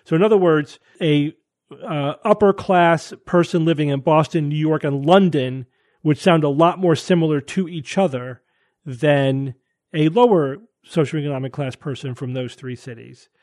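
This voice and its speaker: A man's voice: a little high, moderate pace, a little mellow. A man hosting a casual panel talk show, thinking aloud and hedging with frequent restarts. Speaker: podcast host.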